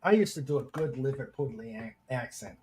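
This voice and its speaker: A man's voice: medium pitch, brisk, a little mellow, breathy edge. A man hosting a casual podcast chat, reading listener comments aloud and laughing often. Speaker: podcast host.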